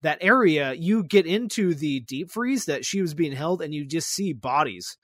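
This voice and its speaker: A man's voice: on the high side, lively intonation, moderate pace, dry recording, studio quality. A young adult man hosting a podcast, casually and animatedly retelling a story and swearing freely. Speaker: podcast host. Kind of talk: casual chat.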